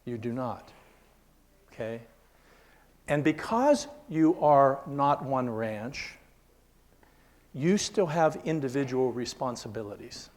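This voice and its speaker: An older man giving a conversational sermon at a Christian seminar, earnest and often checking in with his listeners, sometimes dropping to a hushed whisper. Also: mid-range voice, lively intonation, slow, long pauses. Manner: drops to a hushed whisper when telling stories.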